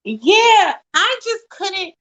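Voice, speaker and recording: A woman's voice: very high voice, sing-song, extremely slow, a bit bright, rough recording. A woman co-hosting a casual recap chat, agreeing emphatically and repeating her points. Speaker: co-host.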